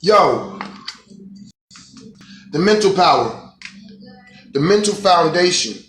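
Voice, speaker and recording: A man's voice: high voice, animated, slow pace, fairly bright tone, a little hiss or hum. A man hosting a casual livestream monologue, preaching in a profane, streetwise way. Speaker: host. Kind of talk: casual monologue on a live stream. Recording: echoey room.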